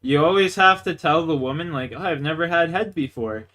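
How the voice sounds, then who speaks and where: A man's voice: on the high side, a little fast, sharp tone. A young man from Canada livestreaming a game, telling crude, boastful stories in a rambling way full of "like" fillers. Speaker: gaming livestreamer. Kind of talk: casual storytelling chat.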